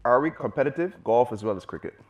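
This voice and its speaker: A man's voice: medium pitch, lively intonation, fast talker, a little mellow, soft background music. A young man and cricketer asking a friend questions in an easygoing chat, laughing often. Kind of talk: casual chat between friends.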